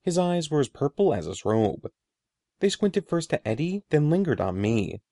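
A man narrating a children's story with expressive storytelling on a close mic. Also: on the high side, normal speed, dry recording. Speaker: audiobook narrator. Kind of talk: scripted narration.

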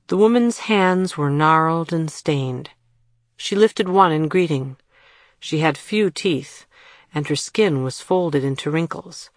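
A woman narrating an audiobook in a measured storytelling read. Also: low-pitched, dry recording, studio quality. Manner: measured storytelling read, puts on voices for characters.

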